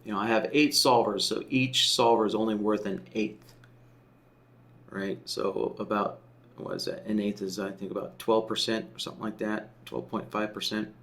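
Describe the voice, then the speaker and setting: A man teaching a software tool in a screen-share tutorial, explaining step by step and often checking in with "right?" while he thinks aloud. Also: lowish voice, steady tone, normal speed, vocal fry. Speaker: software trainer.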